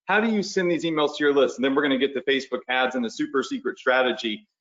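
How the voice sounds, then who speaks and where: A man's voice: mid-range voice, expressive, fast talker, a bit bright. Casual man coaching a live webinar. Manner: casual, talks the viewers through steps while drawing on screen; conversational, uses "y'all" and "right?". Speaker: online business coach. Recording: slightly dull lo-fi webinar audio.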